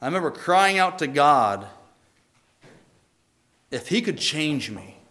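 Earnest man giving a halting testimony. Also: on the high side, big pitch swings, bright, forceful tone. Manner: earnest, halting, with frequent restarts. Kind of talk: personal faith testimony.

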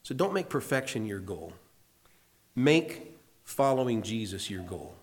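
A man preaching in an earnest, conversational way, telling a personal story and slowing down to stress a point. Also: lowish voice, sing-song. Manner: earnest, conversational, slows for emphasis. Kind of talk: sermon storytelling.

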